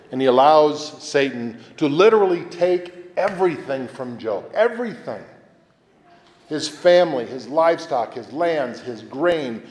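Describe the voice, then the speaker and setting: A man preaching a homily as a priest, in a conversational, animated way, often acting out quoted voices. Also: mid-range voice. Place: church. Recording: echoey church hall.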